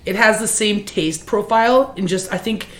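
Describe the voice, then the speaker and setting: A woman's voice: mid-range voice, moderate pace, a bit bright, reverberant. A woman guest on a podcast, telling stories in casual chat, swearing freely and laughing as she talks.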